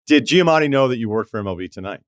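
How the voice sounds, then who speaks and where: A man's voice: medium pitch, animated, racing, no room sound, clean studio sound. A man hosting a podcast, talking emphatically in casual interview chat. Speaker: podcast host.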